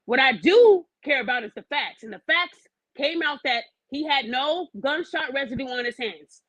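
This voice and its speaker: Woman podcast host, high voice, dry close sound, brash and profane, confrontational. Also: animated, normal speed, a bit bright, no room sound, poor audio. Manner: challenges the listener with pointed questions. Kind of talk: opinionated podcast rant.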